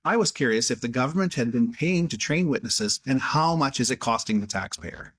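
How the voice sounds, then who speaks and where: A man's voice: mid-range voice, expressive, a little fast, fairly bright tone. A man who is a member of parliament, delivering a scripted, sarcastic video address. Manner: sarcastic, exasperated.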